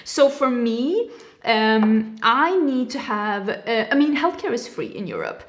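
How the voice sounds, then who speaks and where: A woman's voice: fairly high pitch, sing-song, slow pace. A young woman from Sweden, a native Swedish speaker, chatting in a casual vlog and telling a story with sarcastic asides and mimicked dialogue, recorded indoors at home. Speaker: vlogger. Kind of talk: casual get-ready-with-me chat.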